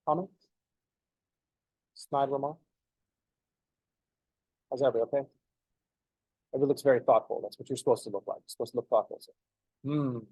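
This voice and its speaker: A man's voice: medium pitch, dark tone, no room sound. A man, a math professor, lecturing a class in a joking, conversational way. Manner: joking, conversational, acts out students' thinking noises.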